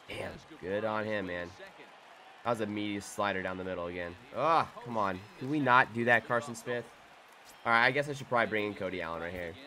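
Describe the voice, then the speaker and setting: A young man giving live gameplay commentary, muttering to himself one moment and shouting in excitement the next. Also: medium pitch. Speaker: gaming YouTuber.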